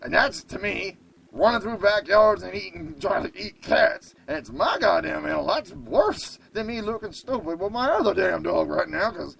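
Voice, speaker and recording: A man hosting a radio show, telling a comic story in an excitable, profane way. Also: high-pitched, moderate pace, gravelly, poor audio.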